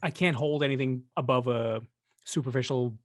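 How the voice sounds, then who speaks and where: Male co-host, easygoing storyteller, mid pitch, dry booth sound. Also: moderate pace, dry recording. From Punjabi background. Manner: chatty, self-deprecating storyteller. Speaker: podcast co-host. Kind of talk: casual chat.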